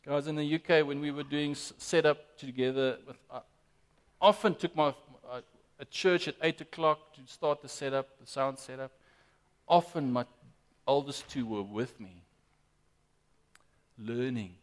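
A man preaching a sermon as pastor, emphatic and lively, often addressing the congregation directly. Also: mid-range voice, normal speed. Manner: lively, emphatic preaching with frequent "guys" and "amen".

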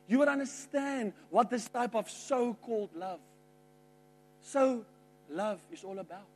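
A middle-aged man preaching a sermon, emphatic, jumping from loud outbursts to quiet asides. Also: extremely high pitch. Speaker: pastor.

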